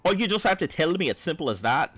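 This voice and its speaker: A male game streamer chats with his viewers in a put-on Australian accent. His voice is bright and forceful. He rambles along in a playful, loose way while he plays. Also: on the high side, big pitch swings, fast, husky, soft background music. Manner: rambling, playful, talks to chat. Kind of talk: gameplay livestream chat.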